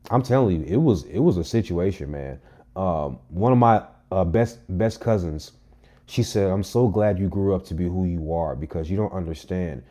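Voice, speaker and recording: A young man with a low, warm, mellow voice tells a personal story straight to camera. He delivers it in a casual, animated way, punching key lines with emphasis and plenty of cursing. It sounds like an everyday vlog monologue. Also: normal speed. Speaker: vlogger.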